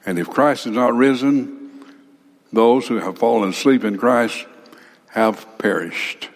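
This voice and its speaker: A man preaching a sermon dramatically, acting out listeners and swinging between loud emphasis and hushed asides. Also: mid-range voice, slow pace. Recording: long hall reverb.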